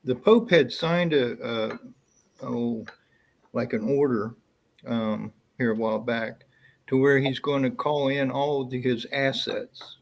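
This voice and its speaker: A man on a call speaking in a halting way, with many pauses and ums. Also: mid-range voice, vocal fry. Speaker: call-in guest. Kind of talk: casual call-in chat.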